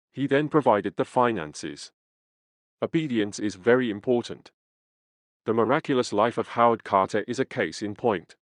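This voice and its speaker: Male audiobook reader with a low voice, reading a first-person memoir in a measured, earnest way. The recording is dry and close, with no room sound. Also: dry recording.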